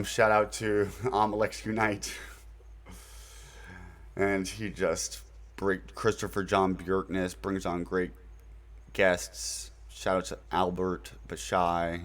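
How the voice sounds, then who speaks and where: A man hosting his own channel, talking through recommendations in a loose, rambling way with fillers and mild slang. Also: low voice. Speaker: channel host introducing his website. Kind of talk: casual unscripted monologue.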